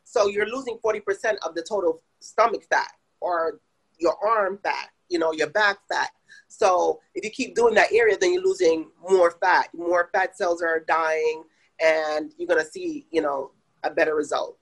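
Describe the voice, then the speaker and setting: Jamaican woman, spa owner guest, husky voice, plain explainer, lots of "you know". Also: fairly low pitch, moderate pace, low-quality recording. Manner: explains plainly, many fillers. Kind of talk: casual interview answers.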